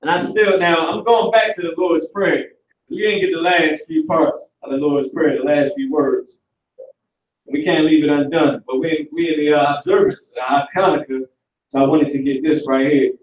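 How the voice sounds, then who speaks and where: A man's voice: on the high side, steady tone, moderate pace, dull audio, slight background noise. A man teaching a live online class in a casual, slangy lecturing manner. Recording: echoey and distant from the mic.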